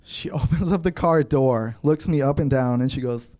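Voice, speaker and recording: A young Kentuckian performs stand-up for a live audience at a comedy club, his medium-pitched voice moving at normal speed. He acts out the other figures in his anecdotes with lively, animated storytelling.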